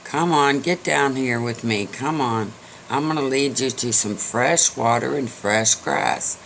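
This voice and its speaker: A man's voice: medium pitch, measured pace, vocal fry, fairly bright tone, slight background noise. A man voicing a kindly male mule who urges in a raised, coaxing voice, as in a told storybook tale. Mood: urging.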